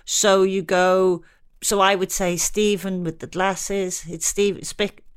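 A middle-aged woman talks in a relaxed, chatty podcast manner. She tells stories against herself and breaks into laughter often. Her pitch sits in an ordinary middle range. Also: slow, clear, resonant tone. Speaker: podcast co-host. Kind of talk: casual chat.

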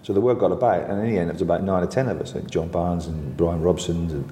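An older man with a lively, anecdotal storytelling manner, recounting old football tales as an interview guest and laughing often. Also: deep voice, fast, roomy sound, in a large hall, a little hiss or hum.

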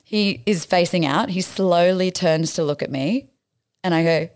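An Australian woman who is a stage actress, chatting as a guest and telling lively stories, acting out quotes and laughing often. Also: fairly low pitch, unhurried. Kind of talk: casual interview chat.

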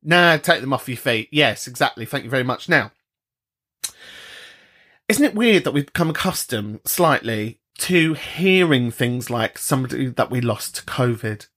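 A British man hosting a podcast, chatting casually and swearing freely, often jumping into high mocking voices. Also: animated, moderate pace, sharp tone. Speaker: podcast host. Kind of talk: casual chat.

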